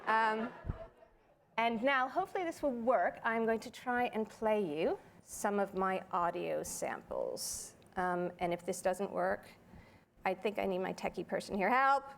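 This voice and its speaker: A woman voice actor giving a lively, playful talk on a conference panel. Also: medium pitch, measured pace, gravelly, a little hiss or hum. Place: conference hall.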